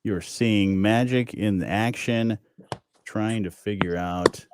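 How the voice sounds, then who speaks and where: A man's voice: lowish voice, slow pace, background noise. Upbeat jokey male radio co-host. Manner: upbeat, jokey, self-deprecating. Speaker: radio morning show co-host. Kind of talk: casual radio banter.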